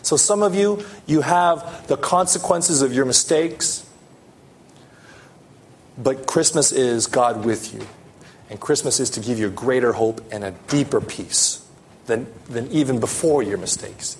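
Slow, earnest male preacher. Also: medium pitch, slight background noise. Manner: earnest, rising emphasis and soft drops. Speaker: pastor. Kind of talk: sermon.

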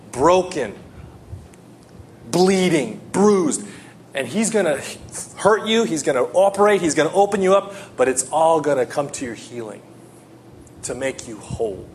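A man preaching a sermon, telling a personal story and swinging between loud pleading and hushed tones. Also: a little high, a little hiss or hum.

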